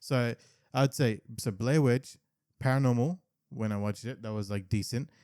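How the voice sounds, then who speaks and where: A man co-hosting a podcast in casual chat, relaxed and rambling, with lots of "like" and restarts. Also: mid-range voice, moderate pace, no echo, clean studio sound. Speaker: podcast co-host.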